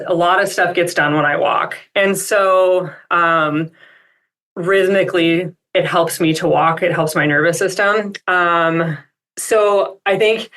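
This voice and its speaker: A woman's voice: fairly low pitch, a bit bright. A woman speaking as an expert guest on a coaching call, reflective and upbeat, with many casual fillers.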